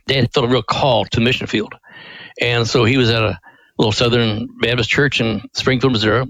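An older man speaks earnestly in a dry, close studio sound, recounting a story as an interview guest. His voice sits at an ordinary pitch. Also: dry recording, low-quality recording. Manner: earnest, animated when acting out quotes. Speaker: ministry president, guest.

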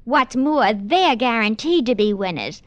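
A prim, suspicious wife with a fairly high, lively voice. She speaks in 1950s radio ad style, and the sound is dry and close. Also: unhurried, dry recording. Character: prim, suspicious wife pushing savings bonds.

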